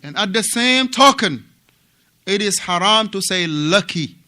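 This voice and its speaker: A man from Africa teaching a religious class at a mosque, animated and repetitive, often asking his students questions. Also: high voice, a little slow. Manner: animated, repeats words and asks students questions.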